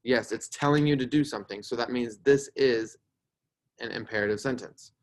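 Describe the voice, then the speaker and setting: A man's voice: mid-range voice, moderate pace. Man teaching a patient grammar lesson. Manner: explains patiently, checks in with "right?".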